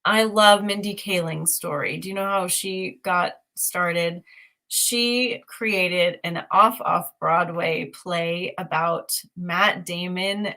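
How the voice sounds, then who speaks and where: Woman, casual chat, bright tense tone, lowish pitch, enthusiastic, meandering. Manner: enthusiastic and meandering, many fillers.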